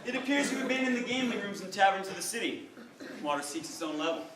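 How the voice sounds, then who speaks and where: A stern, contemptuous older surgeon, voiced by a man in a school stage play. He talks fast and clipped and lectures with scorn. The echoey hall and the distant mic make him sound far away. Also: high-pitched, animated, heavy background noise. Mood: cold, scornful. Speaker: stage actor.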